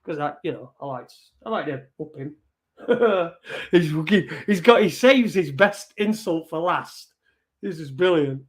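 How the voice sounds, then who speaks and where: A man's voice: fairly high pitch, expressive, a little slow. A man hosting an online show, swearing and mocking as he reads out messages. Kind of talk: casual live-stream rant.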